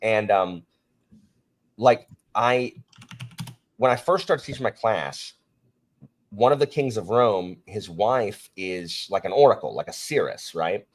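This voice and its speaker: A man hosting a casual book discussion, talking in an animated, rambling way with frequent restarts. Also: fairly low pitch, slow, long pauses. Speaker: podcast host and teacher.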